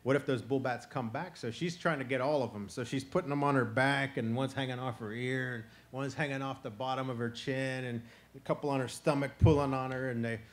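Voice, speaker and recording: A male storyteller from Florida recounts an old animal tale in a loose, chatty rhythm, building the scenes with vivid detail. His voice sits at an ordinary middle pitch for a man. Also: a little fast. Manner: relaxed, conversational, vivid. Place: outdoor festival stage.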